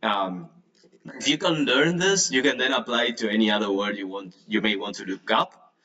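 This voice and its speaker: A man's voice: lowish voice, normal speed, sharp tone, muffled recording. Chatty man teaching. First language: Spanish. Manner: chatty, filler-heavy, laughs nervously. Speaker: English teacher. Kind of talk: casual online lesson. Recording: distant mic, degraded audio.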